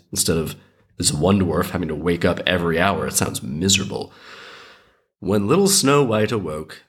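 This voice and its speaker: A man's voice: sits low, fairly bright tone, slightly rough. A man reading a fairy tale aloud and breaking off into sarcastic, joking tangents, while recovering from an illness. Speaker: storyteller and podcast host.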